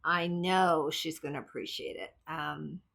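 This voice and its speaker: A woman's voice: deep voice, steady tone, unhurried, gravelly, a bit bright. A woman vlogger chatting casually about her cross stitch projects, rambling and thinking aloud as she goes. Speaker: craft vlogger. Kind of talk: casual chat.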